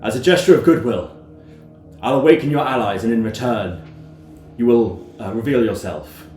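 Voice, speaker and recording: A man voicing a calm, shrewd male bugbear leader in a tabletop role-playing game, speaking louder and higher than his own voice. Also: normal speed, echoey room, faint music behind, lightly acted. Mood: commanding. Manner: raises pitch and volume sharply for the character.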